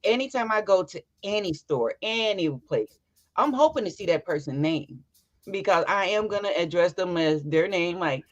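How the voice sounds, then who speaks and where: A woman in her twenties co-hosting a casual relationship chat, animated and quick to laugh. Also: fairly low pitch, muffled recording. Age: 20s. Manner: animated, laughs often, acts out bits of dialogue. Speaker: podcast co-host.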